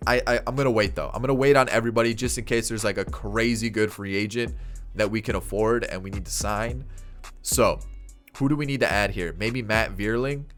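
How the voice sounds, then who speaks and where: A young man talks through his moves in casual gameplay commentary, thinking aloud and stumbling over restarts. His voice sits fairly low, with faint music playing under it. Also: a bit bright. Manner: thinks aloud with frequent restarts, grows exasperated. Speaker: gaming YouTuber.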